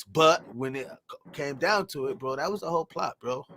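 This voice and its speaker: Animated man telling loose, profane stories. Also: on the high side, a little fast, slight background noise. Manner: animated, laughing, loose and profane, acts out quotes. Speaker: podcast guest telling stories. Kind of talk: casual storytelling chat.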